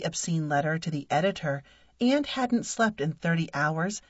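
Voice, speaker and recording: A married woman reading a humorous personal essay aloud in a wry, deadpan way. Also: lowish voice, breathy edge, no echo. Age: adult. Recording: dull lo-fi dry recording.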